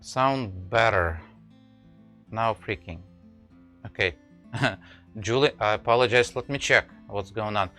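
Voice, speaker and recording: Halting man on a live stream. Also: on the low side, bright, forceful tone, soft background music, poor audio. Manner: halting, many fillers and restarts, talks to viewers by name. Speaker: woodcarver hosting a live stream. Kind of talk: casual live-stream chat.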